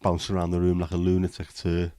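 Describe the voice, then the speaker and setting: A livestream host rambles and jokes as he chats with viewers in a casual stream. His low, warm voice is brisk yet completely flat in delivery. The studio sound is clean, with no room sound.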